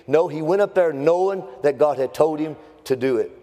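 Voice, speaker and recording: Man, fervent sermon delivery with rising chanted cadence; high voice, long church reverb. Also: a little fast. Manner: fervent, builds to near-shouting and sing-song cadence. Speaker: preacher. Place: church sanctuary.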